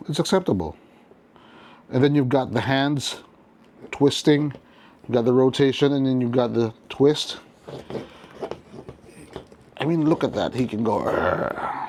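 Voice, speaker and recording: A chatty man does a casual unboxing review of a toy, thinking aloud as he handles a figure. His voice is medium in pitch and warm.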